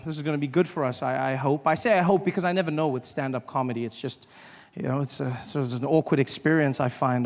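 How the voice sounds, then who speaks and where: A man with a South African accent doing stand-up comedy on stage before a live audience, telling stories in an animated, playful way. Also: mid-range voice.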